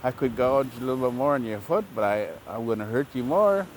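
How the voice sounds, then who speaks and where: A man's voice: medium pitch, fairly quick, a little hiss or hum, natural voice, rough recording. A man voicing a cunning male raven who apologizes politely while scheming. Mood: sly, apologetic. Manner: calm, apologetic, sly.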